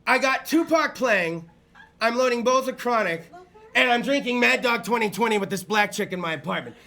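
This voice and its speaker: A man telling a crude, rowdy comedic story, often shouting and laughing. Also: very high voice, lively intonation, moderate pace, gravelly. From Fresno area, California. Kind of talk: stand-up storytelling.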